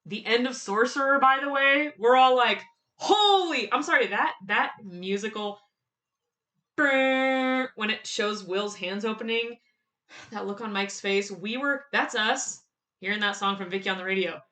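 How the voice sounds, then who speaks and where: A woman giving casual, excited fan commentary on a TV show, laughing often and quoting lines in quick bursts. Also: mid-range voice.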